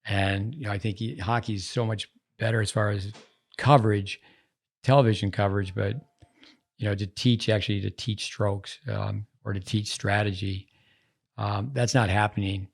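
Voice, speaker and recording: A man with a low, gravelly voice talks casually on a podcast as host. He rambles from story to story in an easygoing, digressive way. His tone stays conversational rather than polished. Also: steady tone, moderate pace.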